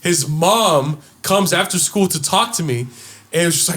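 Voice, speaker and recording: A young man co-hosting a casual podcast, telling a school story with lots of swearing and getting loud and excited. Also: fairly high pitch, moderate pace, husky. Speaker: podcast co-host.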